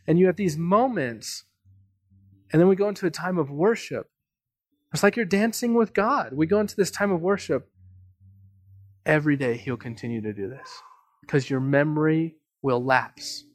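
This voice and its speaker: A man preaching as pastor, telling a story earnestly and swinging from emphatic lines to hushed ones. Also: on the high side, moderate pace, long pauses, dry recording, clean studio sound. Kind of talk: sermon. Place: church.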